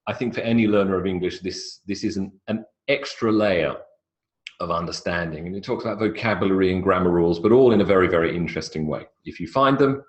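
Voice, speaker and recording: A man's voice: low-pitched, fast talker, muffled recording. A man giving a live online English pronunciation lecture in a chatty, explanatory way. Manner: chatty, explanatory, stretches words for emphasis.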